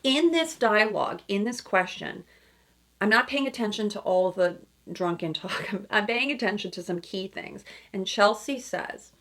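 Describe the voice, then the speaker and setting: A woman's voice: medium pitch, animated, moderate pace, fairly bright tone. A woman couples therapist giving emphatic reaction commentary, often checking in with asides like "okay?" and "right?". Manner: emphatic, acts out quoted lines in other voices.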